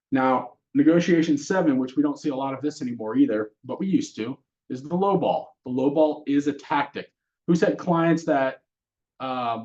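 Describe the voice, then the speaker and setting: Here a man lectures on real estate in a relaxed, conversational way, frequently turning questions back to the class. His voice is medium-pitched and a little mellow, and the audio sounds dull.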